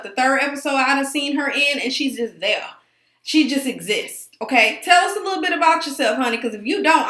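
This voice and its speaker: A woman's voice: high-pitched, bright, forceful tone, echoey room. A woman recapping a reality show in casual commentary, sassy and talking straight to the cast members.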